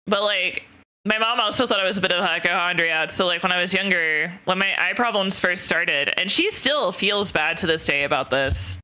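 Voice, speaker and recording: Very bright-voiced rambling woman streamer. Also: lowish voice, normal speed, smooth. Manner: rambling, profane, frequent fillers. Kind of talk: casual storytelling chat.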